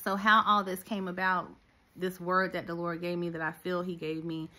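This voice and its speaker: A middle-aged woman minister and business coach preaching to her listeners in an animated, direct way. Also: fairly low pitch, normal speed. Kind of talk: sermon-style teaching.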